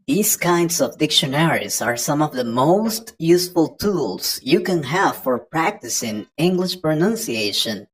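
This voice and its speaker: A woman's voice: low voice, slightly rough, poor audio. A woman giving an online English pronunciation lesson, patiently explaining step by step to the learner. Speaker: English teacher.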